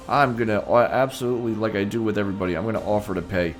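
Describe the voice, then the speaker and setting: A man's voice: lowish voice, fairly even intonation, very fast, hardly any pauses, soft background music. A man in a playful, theatrical live-stream chat, talking straight to his viewers in the role of a king. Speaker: streamer playing a king persona.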